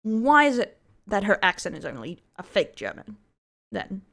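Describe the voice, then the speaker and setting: A woman's voice: mid-range voice, very animated, normal speed, vocal fry, fairly bright tone. A woman with a mild Australian accent, commenting critically on online streamer drama. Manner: skeptical, critical. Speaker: vtuber news commentator. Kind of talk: commentary over clips.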